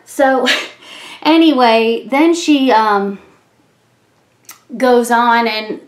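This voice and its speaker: A middle-aged woman chatting casually while doing her makeup, telling stories with plenty of fillers and frequent laughs. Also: fairly high pitch. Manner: chatty storytelling, laughs often, many fillers. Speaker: beauty vlogger. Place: room at home. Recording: echoey home room.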